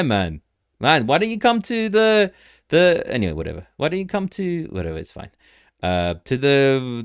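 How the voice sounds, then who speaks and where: A man's voice: fairly low pitch, no room sound, studio quality. A young man hosting a casual crypto livestream, rambling through charts, greeting viewers in the chat and laughing often.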